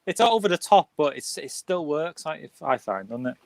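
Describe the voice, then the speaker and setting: Joking Liverpool man, higher voice. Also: sing-song, normal speed, gravelly, no echo. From England. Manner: jokey, teasing, crude banter. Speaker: host. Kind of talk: casual film discussion.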